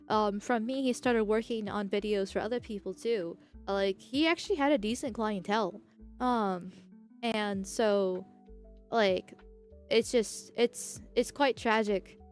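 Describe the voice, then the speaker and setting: A woman streamer chatting casually, rambling through tangents and laughing often while thanking viewers. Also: medium pitch. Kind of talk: casual live-stream chat.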